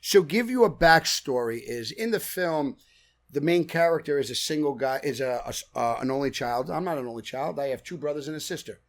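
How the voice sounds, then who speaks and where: Energetic New man, animated storyteller, slightly high voice, podcast guest. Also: a little fast. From Brooklyn, New York. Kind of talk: casual chat. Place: podcast studio.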